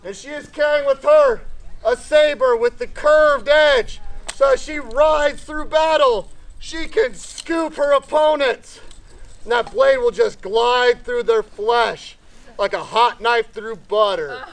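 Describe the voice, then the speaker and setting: A man's voice: very high-pitched, slow pace. A man presenting a combat demonstration, explaining historical weapons to an audience outdoors. He projects his voice and lectures in short phrases. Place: outdoors at a reenactment event.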